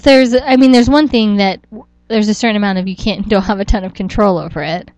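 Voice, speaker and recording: A woman's voice: medium pitch, a little fast, a little mellow, no echo. A woman co-hosting a podcast in casual chat, rambling and restarting her sentences with frequent small laughs. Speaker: podcast co-host.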